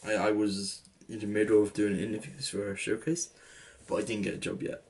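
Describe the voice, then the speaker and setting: A man's voice: lowish voice, flat delivery, fairly quick, darkish tone, husky. A young man in his late teens with an English accent, rambling through a casual story with lots of "like" and restarts. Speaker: vlogger.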